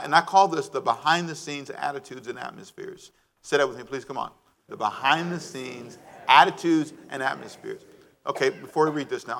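A male pastor with a mid-range voice preaches a sermon animatedly, calling on the congregation to answer back.

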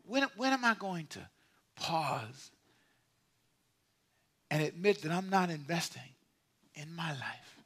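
Animated, bright-voiced man preaching. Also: on the high side, takes it slowly, long pauses, slightly rough. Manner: animated preaching, swinging from shouts to near-whispers, conversational asides. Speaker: pastor. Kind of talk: sermon. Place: church sanctuary.

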